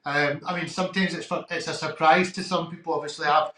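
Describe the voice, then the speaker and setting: A Scottish man hosting a podcast interview, affirming his guest warmly with some hesitant fillers. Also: fairly high pitch, fairly even intonation, fast talker, echoey room, poor audio. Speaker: podcast host. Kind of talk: interview conversation.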